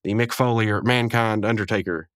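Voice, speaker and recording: A man's voice: lowish voice, fairly even intonation, fairly quick, a bit bright, no echo, studio quality. A man hosting a podcast, recapping an episode in a rambling, chuckling way with many asides. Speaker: podcast host.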